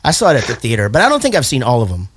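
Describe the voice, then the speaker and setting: A man hosting a casual movie podcast and quiz, talking in an animated way, laughing often and swearing casually. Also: mid-range voice, racing, slightly rough, no room sound. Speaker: podcast host. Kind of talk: casual chat, quiz host.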